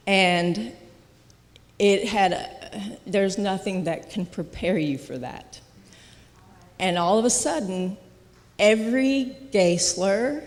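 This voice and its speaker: Earnest church testimony, halting, long reverb. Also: medium pitch. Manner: halting, earnest, with frequent restarts and soft laughs. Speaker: guest speaker sharing a testimony. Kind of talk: personal testimony at a church service. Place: church sanctuary.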